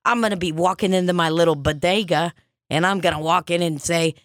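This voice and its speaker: A woman's voice: on the low side, steady tone, fairly quick, dry recording, studio quality, close to an everyday voice. Woman playing a brassy Long Island psychic. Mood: brash. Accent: Long Island, put on. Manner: brassy, bossy, rambling. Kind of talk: improvised comedy sketch.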